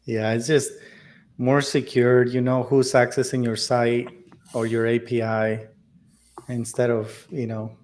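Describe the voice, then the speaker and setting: A man's voice: medium pitch, level tone, a little mellow. A man co-hosting a tech podcast, talking casually with many fillers and restarts. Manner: halting, many fillers and restarts, laughs often. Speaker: podcast co-host.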